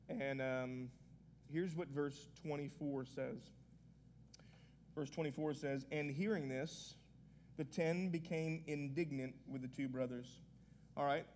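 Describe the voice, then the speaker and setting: Earnest pastor, slightly high voice. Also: male voice, darkish tone, a little hiss or hum. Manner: earnest, conversational preaching with frequent restarts. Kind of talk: sermon.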